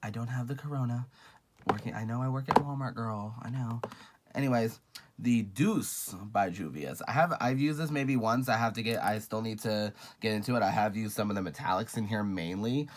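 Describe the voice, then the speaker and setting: A man with a slightly low voice chats through a casual makeup collection review. He is sassy and gushing, tosses out "honey" and "girl" to viewers, and swears without a second thought. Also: moderate pace. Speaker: beauty vlogger.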